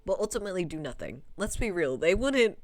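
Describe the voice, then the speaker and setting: A young adult woman streamer giving casual commentary while playing a visual novel, laughing often and swearing in animated reactions. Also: on the low side, a little fast, no room sound.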